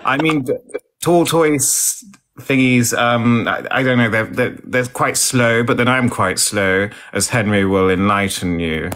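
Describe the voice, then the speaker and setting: A man's voice: medium pitch, unhurried, fairly bright tone. A man chatting casually on a live stream, posh and theatrical, fond of old-fashioned words. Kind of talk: casual live chat reading comments.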